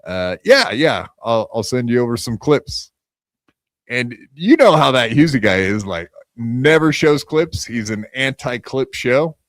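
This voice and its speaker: A man's voice: medium pitch, sing-song, unhurried, no echo, studio quality. A man hosting a podcast in a loose, profane, rambling way, full of fillers and restarts. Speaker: podcast host. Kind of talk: casual podcast chat.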